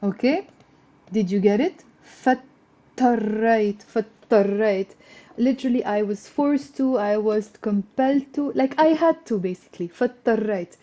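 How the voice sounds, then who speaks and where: A woman's voice: fairly high pitch, animated, warm tone, lo-fi sound. Patient woman teaching a live online lesson. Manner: patient, coaxing, repeats words slowly for students. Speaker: Arabic teacher.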